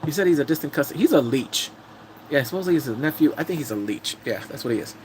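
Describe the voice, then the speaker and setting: A young man casually recapping episodes of a drama, telling it in an animated, blunt way with casual swearing. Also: a little high, quick pace, a little hiss or hum.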